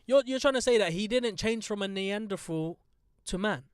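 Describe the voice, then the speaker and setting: Blunt, high-voiced podcast host. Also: male voice, normal speed, smooth, dry recording, clean studio sound. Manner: blunt, swearing, sarcastic. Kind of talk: casual podcast chat.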